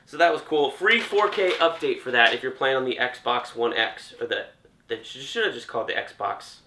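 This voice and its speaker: Bright-voiced young man in an echoey room. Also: mid-range voice, moderate pace. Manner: chatty, jokey, trailing off with restarts. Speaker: gaming commentator. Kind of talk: casual reaction commentary. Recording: roomy echo.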